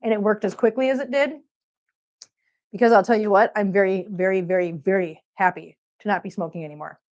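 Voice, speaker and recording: A woman's voice: mid-range voice, fairly even intonation, a little fast, darkish tone, lo-fi sound. A woman chatting casually on a cat-care livestream, rambling and answering viewers while she cleans, a little out of breath. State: a bit out of breath. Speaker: cat channel vlogger.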